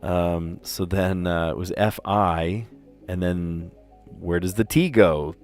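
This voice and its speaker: Chatty low-voiced man recapping puzzles. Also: fairly even intonation, slow pace, darkish tone, soft background music. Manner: chatty and playful, often laughing at his own stories. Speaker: puzzle livestream host. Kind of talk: casual chat recapping daily word puzzles.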